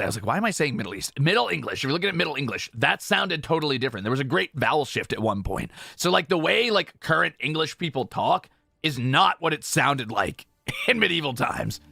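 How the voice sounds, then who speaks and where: A man's voice: a little high, gravelly, pushed and bright, no room sound, studio quality. A man from Europe streaming a game, chatting casually in a jokey, self-correcting way.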